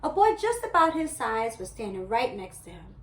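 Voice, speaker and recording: A woman reading a children's story aloud, expressive and animated. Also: on the high side, moderate pace. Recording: roomy echo.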